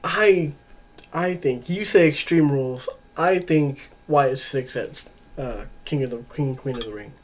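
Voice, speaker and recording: A man co-hosting a wrestling podcast in casual chat, easygoing and quick to chuckle. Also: on the high side. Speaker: podcast co-host.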